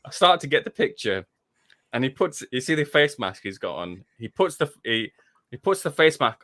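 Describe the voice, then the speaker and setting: A man's voice: mid-range voice, moderate pace. A man, a podcast guest, telling a story in casual chat and acting out the people he quotes. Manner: animated, acts out quoted voices, laughs often.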